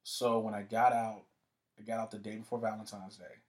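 A man's voice: lowish voice, a little fast. A man telling a story in a casual conversation as a guest, cursing freely and acting out the voices of the people he quotes. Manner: profane, animated, acts out quoted voices.

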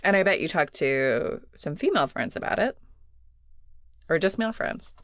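A woman's voice: low-pitched, sing-song, normal speed, a bit bright, dry recording, clean studio sound. A young woman chatting casually as a podcast co-host, rambling with lots of "like", restarts and frequent laughter. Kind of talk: casual chat.

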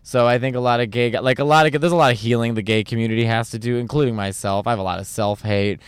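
A man's voice: mid-range voice, clean tone, no room sound. A man who is a stand-up comedian, chatting animatedly on a podcast with lots of restarts. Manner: animated, rapid, full of restarts and impressions. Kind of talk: casual podcast chat.

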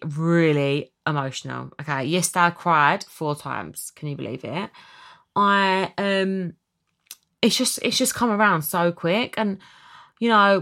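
A woman's voice: fairly low pitch, fairly bright tone. A woman hosting her podcast in emotional, chatty talk full of likes and ums. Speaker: podcast host. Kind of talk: casual chat.

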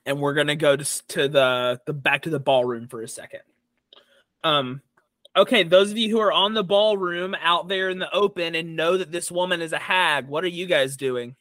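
A man narrating as dungeon master in a tabletop game, halting with many fillers and restarts. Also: a little high, fairly even intonation, fairly bright tone, dry recording.

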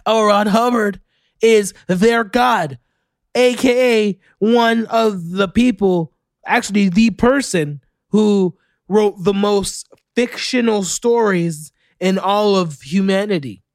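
A man from Florida hosts a solo podcast in a high-pitched, excitable voice, swearing freely as he riffs on the news. The recording is dry and close, with no room sound. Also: slow, no echo. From Orlando, Florida, USA. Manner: excitable, profane ranting. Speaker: podcast host. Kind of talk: casual solo podcast commentary.

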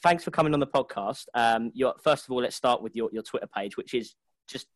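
A man hosting a podcast, moving quickly through announcements and friendly banter. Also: medium pitch, dry recording. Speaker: podcast host. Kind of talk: casual podcast chat and announcements.

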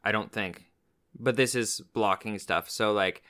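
A man's voice: on the low side, a little slow, pushed and bright, clear, resonant tone. A man co-hosting a casual podcast, joking, laughing often and stopping to ask for clarification. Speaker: podcast co-host.

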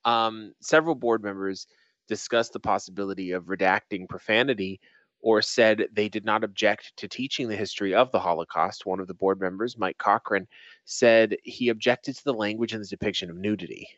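A man's voice: lowish voice, steady tone, a little fast, fairly bright tone, no echo, highs cut off. A young man co-hosting a casual podcast, reading a news article aloud and breaking off into swearing asides. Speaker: podcast co-host.

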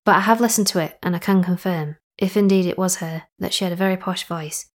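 A woman's voice: fairly low pitch, steady tone, fast talker. A young woman hosting a podcast in a casual, chatty way, drifting into asides and correcting herself mid-sentence. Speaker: podcast host.

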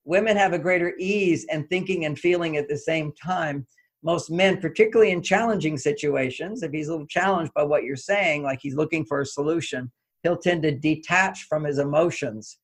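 An older man, an author guest on an interview, telling stories in an animated way and acting out quoted dialogue. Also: a little high, normal speed. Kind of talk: conversational storytelling interview.

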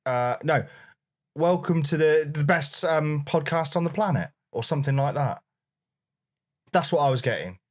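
A man's voice: on the high side, lively intonation, moderate pace. A man co-hosting a comedy podcast, rambling hesitantly with fillers. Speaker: podcast co-host. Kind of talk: casual comedic chat.

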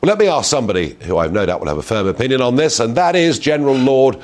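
A man's voice: medium pitch, big pitch swings, quick pace. A middle-aged man hosting an opinionated talk show, asking emphatic rhetorical questions. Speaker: host.

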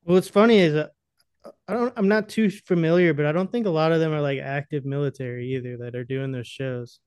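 A man's voice: fairly high pitch, fairly quick, a little mellow, clear, resonant tone, no room sound. A young man co-hosting a podcast in casual, rambling chat, crude and often laughing. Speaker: podcast co-host.

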